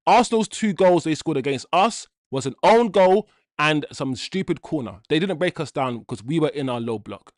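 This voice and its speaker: A man's voice: fairly high pitch, animated, moderate pace, no echo, studio quality. Fired-up man ranting over football. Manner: exasperated ranting with frequent swearing; repeats himself while venting. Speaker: watch-along host. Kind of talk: live football watch-along commentary.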